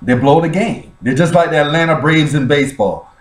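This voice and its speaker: A man's voice: on the high side, a little fast, roomy sound, recorded from a distance. A man ranting and teasing about football in a mocking, theatrical way. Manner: teasing, theatrical fake sobbing and laughing. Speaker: vlogger reacting to a sports clip. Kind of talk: mocking sports rant.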